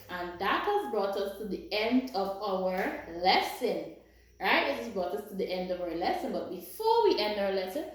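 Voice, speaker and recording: Lively, high-voiced woman teacher in an echoey room. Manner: sing-song, encouraging, often checks in with "right?". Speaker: primary school teacher. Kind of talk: classroom teaching to young children. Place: classroom. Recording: very echoey room with faint noise.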